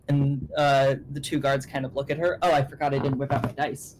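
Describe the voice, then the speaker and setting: A young man narrating a tabletop game as game master on a stream, rambling with fillers and quick self-corrections. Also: on the high side, fairly even intonation, a little hiss or hum, low-quality recording.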